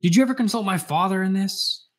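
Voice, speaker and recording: A man's voice: fast talker, close to an everyday voice. Guy reading aloud as a bitter freaked out young man, pushy and tense. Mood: intense. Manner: read aloud from a novel with raised pitch.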